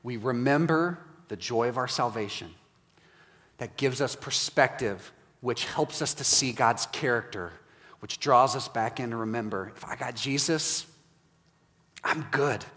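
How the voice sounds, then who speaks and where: Man in his 40s, pastor: lively sermon storytelling, then quiet reflective prompts, long church-hall echo. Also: mid-range voice, unhurried. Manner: animated storytelling, acts out dialogue, softens to quiet prayer prompts. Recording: reverberant hall.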